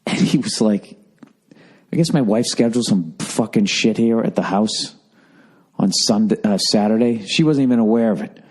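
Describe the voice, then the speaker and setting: A man in his forties hosts his podcast from home, keeping his voice down while he rambles. His tone is low and mellow, with profane, sardonic asides throughout. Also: normal speed. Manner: profane, sardonic, talking quietly. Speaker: podcast host. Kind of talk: rambling casual monologue. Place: at home, indoors.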